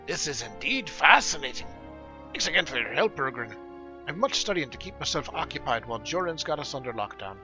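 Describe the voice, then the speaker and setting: A man's voice: on the high side, very animated, brisk, bright, forceful tone, dull audio, faint music behind, exaggerated voice. A man voicing a curious male dwarf researcher from a game, in a put-on dwarf brogue. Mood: delighted. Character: scholarly male dwarf digger, eager and curious.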